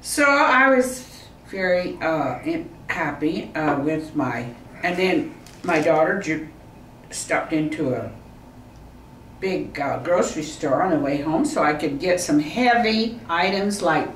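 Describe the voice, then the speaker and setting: An older woman chatting casually about her family, rambling and halting with frequent laughs, recorded far from the mic in an echoey room. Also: deep voice, animated. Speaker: mother chatting with a companion. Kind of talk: casual chat. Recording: roomy echo, distant from the mic, faint noise.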